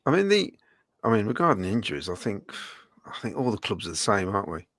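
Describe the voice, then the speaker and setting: A man with a croaky voice from a cold, co-hosting a casual fan podcast and reading out viewer comments. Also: lowish voice, very animated, fast, fairly bright tone, no room sound. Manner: dry, chatty, reads comments aloud.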